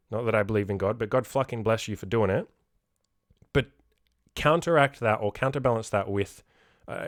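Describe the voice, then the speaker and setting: A man's voice: medium pitch, dry recording. Guy coaching folks on his podcast, blunt, swears a lot, repeats himself to hammer it in, dry close sound. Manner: blunt, swears freely, repeats words for emphasis. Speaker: self-improvement podcast host and coach. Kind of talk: casual podcast monologue.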